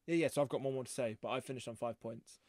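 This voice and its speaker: A man's voice: medium pitch, fast, a little mellow, dry recording, studio quality. A young man co-hosting a casual podcast, chatty and mocking himself. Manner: chatty, self-mocking, laughing often. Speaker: podcast co-host. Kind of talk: casual chat.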